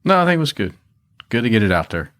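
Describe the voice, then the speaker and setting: A male podcast co-host with a fairly low voice. He sounds laid-back and often answers in short, easygoing replies. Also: sing-song, quick pace, a bit bright. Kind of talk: casual podcast chat.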